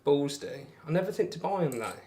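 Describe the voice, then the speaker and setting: The voice is a young man's, fairly high, expressive and mellow, moving fairly quickly. While throwing darts on a live stream he rambles casually, teases himself, and reads out and responds to chat.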